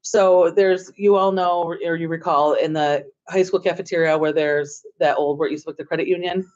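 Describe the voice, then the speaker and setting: A woman school administrator telling the school board a story in a chatty, excitable way, filling her talk with "like". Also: lowish voice, normal speed. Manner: chatty and excitable, heavy use of "like". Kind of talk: storytelling report at a board meeting. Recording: dull, muffled meeting audio.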